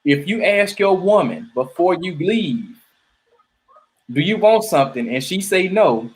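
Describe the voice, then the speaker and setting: A man's voice: high-pitched, lively intonation, a little slow. Laid-back man hosting a casual chat. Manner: laid-back, rambling with fillers and restarts. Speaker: podcast host. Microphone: video call.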